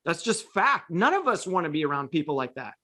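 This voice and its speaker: A man's voice: on the high side, sing-song, a little fast, pushed and bright. A man hosting a casual talk show, telling long stories with frequent restarts and fillers. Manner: rambling with many restarts and fillers. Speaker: podcast host and dog trainer. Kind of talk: casual storytelling chat.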